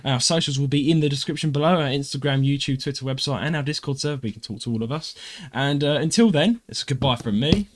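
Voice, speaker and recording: A man with an East London accent hosting a casual podcast chat, animated and jokey. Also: medium pitch, fast. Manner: animated, jokey, laughs often. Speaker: podcast host.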